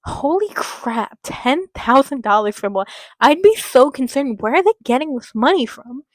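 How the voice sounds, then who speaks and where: A woman's voice: high voice, animated, normal speed, no echo. A young woman reading a horror story aloud, breaking off into giggly, rambling asides full of filler words. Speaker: story reader.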